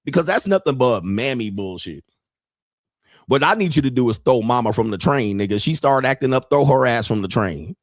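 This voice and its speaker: A man's voice: medium pitch, lively intonation, normal speed, no room sound, studio quality. A man in his fifties, a show host doing a profane, mocking comedic rant and laughing at his own jokes. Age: 50s. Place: home studio.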